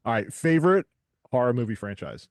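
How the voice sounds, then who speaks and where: A man co-hosting a podcast, firing off quick breezy questions at a guest in casual chat. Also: mid-range voice, big pitch swings, no room sound, clean studio sound. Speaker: podcast co-host. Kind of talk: rapid-fire interview questions.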